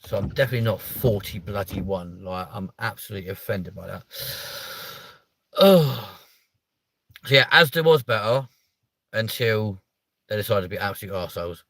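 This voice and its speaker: A man's voice: on the low side, animated, moderate pace, vocal fry, pauses often, a bit bright, dry recording. A British man in his thirties hosting a livestream, chatting casually with viewers and reading their comments, playful and mock-offended, swearing casually. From United Kingdom. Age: 30s. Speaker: livestream host.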